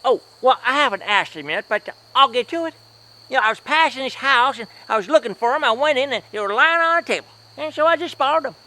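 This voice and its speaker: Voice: high voice, animated, quick pace, bright, forceful tone, rough recording. Someone doing a cheeky teasing sidekick. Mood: casual. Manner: teasing, giggly, drawling. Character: cheeky teasing sidekick companion, adult, sentimental. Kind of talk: homemade comedy sketch acting.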